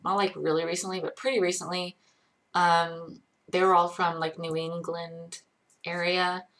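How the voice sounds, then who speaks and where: This livestream host is a twentysomething woman from Georgia, USA, whose light accent leans Connecticut-tinged American with little Southern flavor. Her voice is on the low side and fairly bright, delivered flatly at a moderate pace. She rambles chattily through viewer questions in casual live chat, with plenty of "likes" and "ums."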